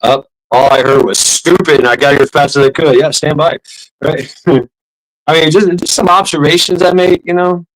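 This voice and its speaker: In a low-quality recording, a man on a stream rambles through a story, cursing a lot, laughing, and starting his sentences over with many fillers. His voice is a little high with a steady tone, and he speaks a little fast.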